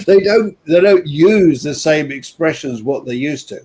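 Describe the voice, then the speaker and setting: A man's voice: a little high, a little slow, few pauses, darkish tone. A man co-hosting an online interview, talking in a rambling, chatty way and laughing easily. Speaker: co-host. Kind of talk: casual interview chat.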